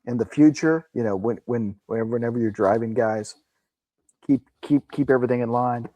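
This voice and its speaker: A man's voice: mid-range voice, a little fast, mellow, no echo, dull audio. A man co-hosting a casual podcast chat, rambling along and agreeing eagerly, often restarting his sentences. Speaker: podcast co-host.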